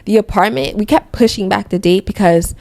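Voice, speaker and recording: A woman's voice: medium pitch, fairly quick, creaky, a little mellow, dry recording. A young woman from Connecticut hosting a podcast, telling a personal faith testimony in a rambling, self-correcting way. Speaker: podcast host.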